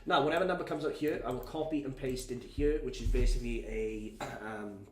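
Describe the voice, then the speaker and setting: A man's voice: medium pitch, a little fast, a little mellow. A tired man hosts a live prize draw in casual, rambling chat and swears freely. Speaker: competition host running a live prize draw. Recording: echoey room with faint background noise.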